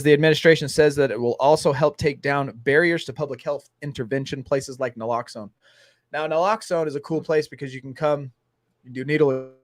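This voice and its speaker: A man hosting a casual talk show, telling a story with lively acted-out dialogue. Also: fairly high pitch, dry recording. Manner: animated storyteller acting out dialogue. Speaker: host.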